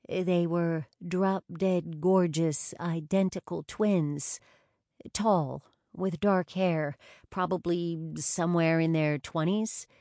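A woman reading a story aloud in a measured, wry storytelling manner. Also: lowish voice, warm tone, dry recording, studio quality. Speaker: audiobook narrator. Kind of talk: scripted narration.

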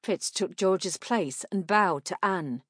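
Woman, audiobook narrator, measured clear reading, lowish voice, dry close recording. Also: fairly bright tone, no room sound.

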